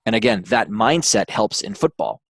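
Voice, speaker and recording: Man, interview guest, storytelling, lower voice, many fillers, dry recording. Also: moderate pace, creaky, slightly rough, no room sound. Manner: relaxed anecdotal, many fillers and restarts. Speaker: author and guest.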